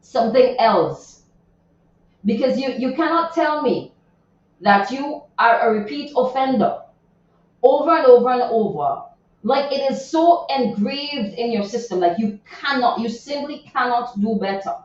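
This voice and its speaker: A woman's voice: fairly high pitch, expressive, unhurried. A woman radio host, chatting about a viral news story in a chatty, indignant way, with many asides. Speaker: radio morning show host. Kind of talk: casual chat reading social media news. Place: radio studio. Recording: very echoey, distant, dull sound.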